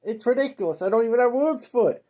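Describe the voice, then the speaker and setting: A man's voice: extremely high pitch, expressive, quick pace, mellow. Man ranting in a profane, erratic way. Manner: erratic, exasperated, swearing, rambling with restarts. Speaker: video creator. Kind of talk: profane comedic rant to camera.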